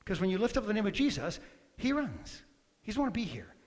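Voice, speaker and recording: High-voiced preacher in reverberant hall. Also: male voice, very animated, brisk. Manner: emphatic, swings from loud bursts to quiet asides. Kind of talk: sermon. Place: church hall.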